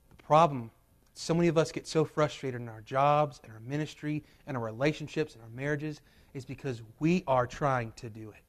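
A male pastor preaching a sermon in a church, swinging between loud urgent peaks and quiet drops. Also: mid-range voice, normal speed. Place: church sanctuary.

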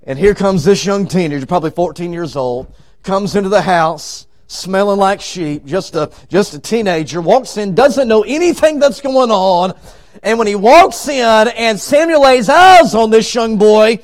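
Man, high-pitched evangelist, revival sermon, dramatic volume swings, voices the story characters. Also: animated, moderate pace. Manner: swings from loud shouting to hushed low tones. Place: church sanctuary.

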